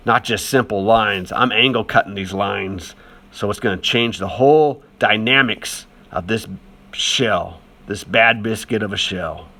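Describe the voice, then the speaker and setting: A man's voice: fairly low pitch, a little slow, sharp tone. Chatty man teaching art. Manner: chatty and encouraging, lots of fillers. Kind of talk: casual voice-over demonstration.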